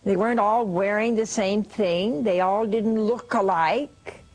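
A woman retelling a saint's dream vision in slow, expressive storytelling, sinking soft and low for the hushed parts. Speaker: religious storyteller.

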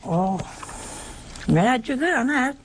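A woman delivers an informal, conversational sermon, posing rhetorical questions and suddenly jumping up in pitch for emphasis. She's expressive and unhurried, with slight background noise.

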